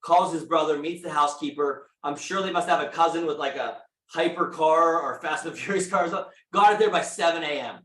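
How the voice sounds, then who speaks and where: A man giving an energetic motivational talk to a live audience, telling stories and asking the room questions. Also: on the high side, fairly quick, few pauses. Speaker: speaker at a real estate meeting. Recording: echoey room.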